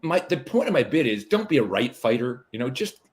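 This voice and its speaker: A middle-aged man talks casually as a comedian guest, stopping and restarting his sentences with lots of fillers. His pitch bounces around a lot as he tells his stories. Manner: animated, halting with many fillers and restarts. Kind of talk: casual interview chat.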